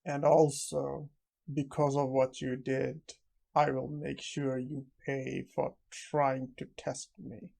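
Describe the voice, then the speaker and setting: A man reading the lines of a cold, vengeful male necromancer in a manga recap, in a flat, unhurried delivery. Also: mid-range voice, vocal fry.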